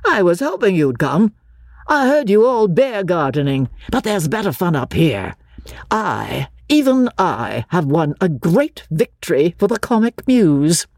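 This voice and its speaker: A woman voicing a playful, self-satisfied young gentleman in an audiobook. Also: fairly low pitch, very animated, a little slow, no room sound, clean studio sound, pitched above the performer's own voice, exaggerated voice. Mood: teasing. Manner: teasing, theatrical.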